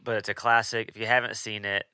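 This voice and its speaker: A man's voice: on the low side, little pitch movement, fast talker, pushed and bright, clear, resonant tone, no echo, studio quality. A young man co-hosting a podcast, chatting casually and telling stories with easy laughs. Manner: chatty, laughs easily, storytelling. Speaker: podcast co-host. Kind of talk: casual chat.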